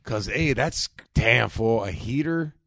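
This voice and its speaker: A young man jokes around in casual podcast banter. He talks at a middle pitch and is full of street slang. The recording is close and dry. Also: lively intonation, takes it slowly, fairly bright tone, dry recording. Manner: joking, slangy, calls people dog and fool. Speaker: podcast co-host.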